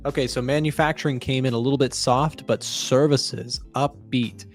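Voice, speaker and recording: A man's voice: mid-range voice, steady tone, normal speed, faint music behind. A man hosting live market commentary, explaining economic data and questioning a guest. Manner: conversational, explains and asks questions. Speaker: trading show host.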